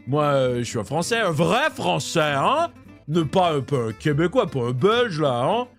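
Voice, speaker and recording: A man's voice: a little high, sing-song, normal speed, over loud music. A man voicing a snobbish Parisian man with an exaggerated Parisian accent, boasting and drawling with lots of fillers. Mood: smug. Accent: Parisian French, exaggerated.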